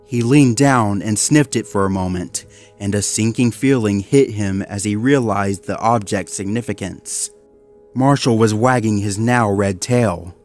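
A man narrating a dark fan story in a steady, measured reading. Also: lowish voice, soft background music.

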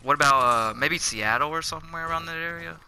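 A man chatting casually with friends over a game mic, loud and swearing. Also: fairly high pitch, quick pace, a loud crowd. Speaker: gamer on party chat. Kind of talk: casual gaming chat.

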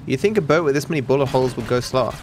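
A young Australian man giving live gameplay commentary, excitable and swearing in quick outbursts at the game. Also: medium pitch, slight background noise. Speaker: streamer.

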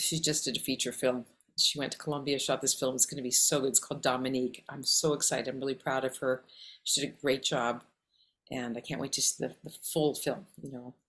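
A woman from Canada with a Canadian accent, an actress and acting coach talking animatedly in an interview, often rattling off lists. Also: extremely low pitch. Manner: animated, talks in quick lists. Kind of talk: casual interview conversation.

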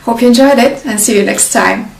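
A woman from northern Italy with a Northern Italian accent, a native Italian speaker, teaching a slow, deliberate beginner language lesson in English and drilling words with pauses. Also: fairly high pitch, vocal fry, reverberant, far from the mic, slight background noise, poor audio.

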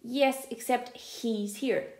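A woman's voice: fairly high pitch, steady tone, takes it slowly, gravelly, darkish tone, echoey room. A woman doing a curt, snippy schoolboy. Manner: curt and snarling. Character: bossy, snippy schoolboy team organiser.

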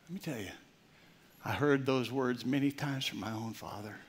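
An older male pastor preaching a Father's Day sermon, swinging from loud, emphatic points to soft, near-whispered storytelling. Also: medium pitch, normal speed, breathy edge.

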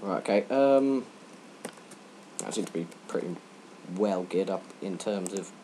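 Casting: teenage male let's player, rambling and jokey, very animated pitch with loud yelps. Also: unhurried, slight background noise. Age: teens. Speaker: let's play gamer. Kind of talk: gaming commentary.

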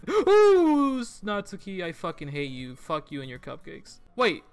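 A man's voice: high-pitched, a little slow, clean tone, faint music behind. A young man playing a visual novel, reading its text aloud and breaking off into sudden, profane outbursts of surprise. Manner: excitable, swears a lot, reads game text aloud then reacts with sudden shouts. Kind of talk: let's play commentary.

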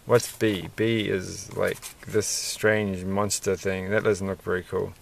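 A man's voice: low-pitched, level tone, slow pace, gravelly, slight background noise. A man casually rambling and musing aloud as he builds a toy set, mildly self-deprecating.

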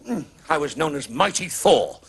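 Excitable Northern English comic, high and lively. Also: male voice, noisy background. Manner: rapid, excitable patter with big pitch swings. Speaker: stand-up comedian. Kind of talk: stand-up comedy routine. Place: TV studio with live audience. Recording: 1980s TV broadcast, loud audience laughter.

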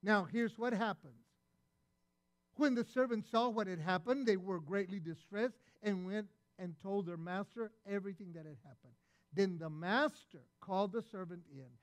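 A man preaching a sermon as pastor, retelling a parable and acting out its voices with animated delivery. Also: high voice, moderate pace, no echo.

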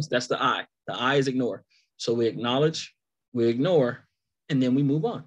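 A man's voice: medium pitch, normal speed, pauses often, slightly rough, lo-fi sound. A man giving a casual sales training talk, laid-back and laughing between points. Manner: animated storytelling.

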